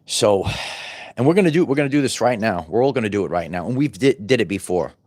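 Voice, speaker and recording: A man's voice: on the low side, animated, quick pace, a little mellow. A middle-aged man hosting his own channel, preaching in a loose, repetitive monologue full of stumbles and restarts. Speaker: channel host. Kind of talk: off-the-cuff motivational monologue.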